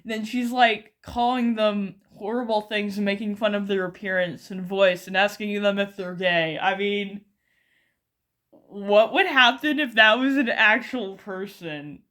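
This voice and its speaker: American woman, casual video commentary, unhurried and rambling, lots of ums and self-corrections, mid-pitched. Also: fairly bright tone. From United States. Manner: rambling, many fillers and restarts, chuckles often. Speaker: YouTuber.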